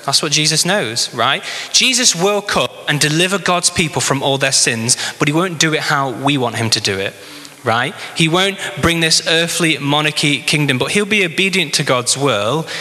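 Male pastor, conversational sermon, rhetorical questions, sharp bright voice, long hall reverb. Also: on the high side, expressive, normal speed.

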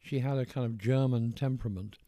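Older English author, posh accent, warm low tone, halting and reflective, dry close mic. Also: male voice, no echo. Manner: measured, hesitant, circles back with restarts. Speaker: author being interviewed. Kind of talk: reflective interview conversation.

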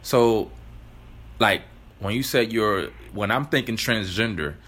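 A man co-hosting a casual podcast interview, talking in a relaxed, candid and chatty way. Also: fairly low pitch, slow. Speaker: podcast co-host.

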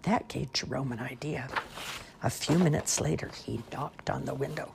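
Gravelly low woman reading a storybook. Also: normal speed, noisy background. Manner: expressive, lively voicing. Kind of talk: children's story read-aloud.

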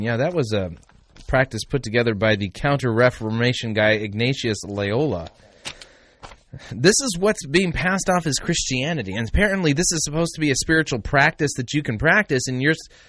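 A man's voice: medium pitch, a bit bright, dry recording. A man hosting a commentary show, talking to listeners in a sarcastic, mocking way with lots of asides. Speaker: podcast host. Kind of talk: critical commentary.

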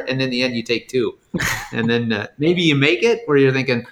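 Man, casual guest, relaxed talker, quotes people in playful voices. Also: mid-range voice, fast talker. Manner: relaxed, acts out quotes, laughs along. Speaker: fellow racer, podcast guest. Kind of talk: casual chat.

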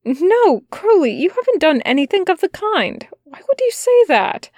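A woman voicing a fussy, gentle male angel who speaks tenderly and stammers when flustered. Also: very high-pitched, big pitch swings, moderate pace, no room sound, clean studio sound, voice pushed up.

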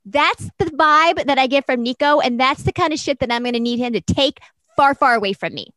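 A young woman co-hosting a casual chat podcast, animated, swearing freely and acting out mocking quotes. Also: high-pitched, fairly quick, no echo, clean studio sound. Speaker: podcast co-host.

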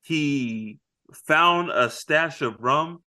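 A man's voice: fairly high pitch, bright, forceful tone. Man retelling a movie, acting out lines. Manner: retells scenes, acting out lines in quick voices. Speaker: podcast co-host. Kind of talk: casual movie review chat.

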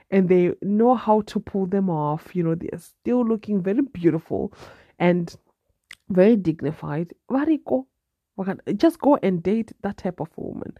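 A woman's voice: medium pitch, dry recording, muffled recording. A woman from Zimbabwe hosting a solo podcast, chatty and advice-giving with a nasal, congested voice and repeated phrases. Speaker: podcast host.

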